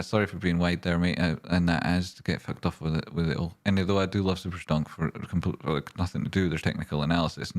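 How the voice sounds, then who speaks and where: Casting note: male streamer, very deep voice, brash and sweary, casual chart talk. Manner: ranting and swearing, then rambling while walking through charts. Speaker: livestream host and stock chart analyst. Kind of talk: casual livestream chat, reading viewer questions.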